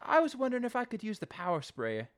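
A man's voice: high voice, wildly swooping pitch, fast talker, clean tone, pitched above the performer's own voice. A man voicing an eager teenage boy who stammers as he asks for things. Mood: eager hesitant.

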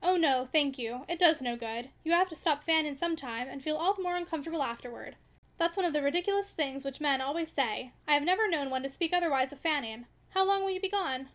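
A woman doing a restless young wife, hurt and sharp-tongued, fairly high and quick voice, indignant and pleading, audiobook reading. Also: lively intonation.

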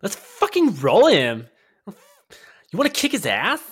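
A man's voice: medium pitch, big pitch swings, a little slow. A man doing a brash profane young barmaid. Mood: aggressive. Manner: mock girlish, brash and profane. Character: brash hard-drinking young woman bartender. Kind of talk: podcast comedic impression.

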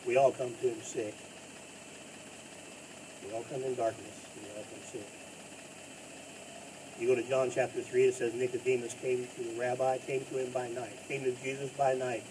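A man's voice: mid-range voice, flat delivery, normal speed, long pauses. Preaching man, heard from a distance. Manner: emphatic preaching, loud bursts and quiet drops. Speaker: pastor. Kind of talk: sermon. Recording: distant mic with faint noise.

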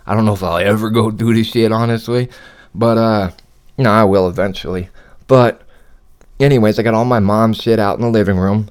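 A man in his thirties hosting a podcast from his apartment studio, telling a long profane story in a heated, animated rant, still getting over a cough. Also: lowish voice. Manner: animated ranting, swears a lot. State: recovering from a cough. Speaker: podcast host.

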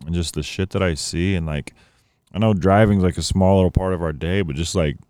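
A man in casual podcast chat who talks in a relaxed, agreeable way and fills his speech with "like" and "man". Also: sits low, a little fast, clear, resonant tone, dry recording.

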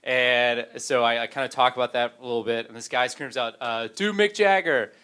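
Clear-voiced man telling stories. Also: mid-range voice, fairly quick. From Memphis, Tennessee, US. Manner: animated anecdote telling, self-deprecating. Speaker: improv comedian guest. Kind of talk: casual chat, storytelling.

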